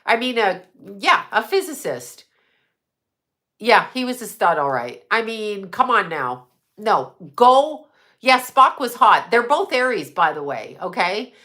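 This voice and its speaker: Her mid-range voice is bright and forceful, swinging widely in pitch while she keeps a measured pace. As host of a casual livestream, she rambles conspiratorially into a desk microphone, throwing in swear words and answering chat.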